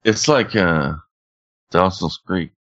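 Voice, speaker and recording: A man's voice: low-pitched, slow pace, a bit bright, lo-fi sound. A man co-hosting a casual chat in a laid-back drawl.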